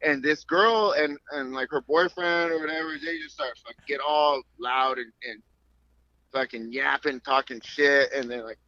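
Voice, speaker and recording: A man in his thirties, an MMA fighter guest on a remote call, telling stories in an animated, profane way and acting out the voices in them. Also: mid-range voice, normal speed, dry recording. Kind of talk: casual storytelling interview. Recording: dull call audio.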